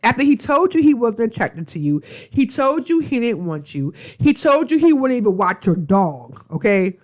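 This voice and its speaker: A woman's voice: on the high side, sing-song, normal speed, a little mellow. A woman reviewing a reality show in a casual, gossipy vlog, blunt and profane with rambling asides.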